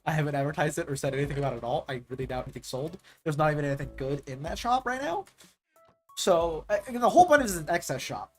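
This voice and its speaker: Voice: medium pitch, fast talker. Gaming streamer, casual stream chat, rambling, lots of fillers, faint music behind. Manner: rambling, animated storytelling with filler "like".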